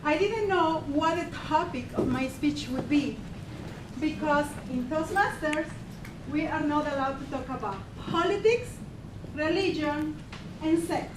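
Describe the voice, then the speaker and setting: A woman with a Mexican Spanish accent giving a humorous contest speech, deadpan and pausing for laughs. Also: high voice, far from the mic, noisy background. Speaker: contest speaker. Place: meeting hall with audience. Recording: echoey hall, mic from afar, crowd laughing.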